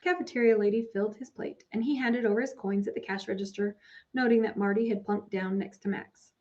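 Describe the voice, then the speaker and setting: A woman narrates a story in a measured, storytelling manner. Her voice is mid-pitched. The recording is a little dull and lo-fi. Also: steady tone, a little mellow. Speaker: audiobook narrator. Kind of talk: scripted narration.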